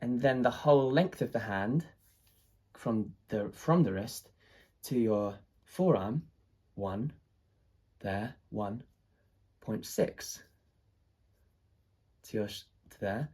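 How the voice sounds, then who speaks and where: A husky-voiced speaker tells a personal story in a loose, rambling way. The delivery is hesitant, with fillers and restarts, and carries an excitable sense of wonder at mid pitch. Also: takes it slowly, long pauses. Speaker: artist telling a personal story.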